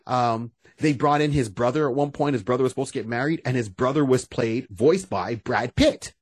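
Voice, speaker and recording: A man co-hosting a casual podcast, animated and breaking into quoted voices as he talks. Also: mid-range voice, normal speed, breathy edge, no room sound. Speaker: podcast co-host. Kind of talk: casual chat.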